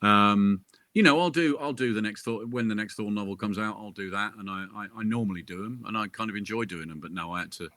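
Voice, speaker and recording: A chatty man talking casually as an interview guest, full of jokey asides and quick restarts. His voice has a bright, forceful edge. The sound is dry and close, with no room around it. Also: lowish voice, no echo. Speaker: crime author interviewed as guest. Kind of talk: casual chat.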